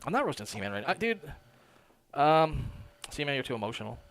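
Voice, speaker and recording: A man rambling quickly as a livestream guest, full of fillers and casual swearing. His voice sits at a middle pitch and moves briskly. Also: sing-song, fairly bright tone.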